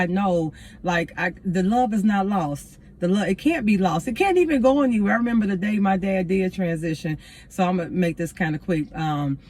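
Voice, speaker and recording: A woman's voice: on the low side, a little mellow, slight background noise. A woman, a teacher, sitting in her car and telling a personal story to viewers in a casual, earnest and reflective way, with spiritual turns. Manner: casual, addresses viewers as y'all. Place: inside a parked car.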